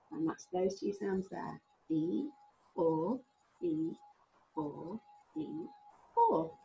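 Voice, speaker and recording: A middle-aged woman leads a phonics lesson for small children, her voice swooping up and down as she sounds out each letter. There is a gravelly edge to her tone, and faint noise sits under the recording. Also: medium pitch, darkish tone, low-quality recording. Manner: slow, sing-song and encouraging, sounding out letters. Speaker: primary school teacher.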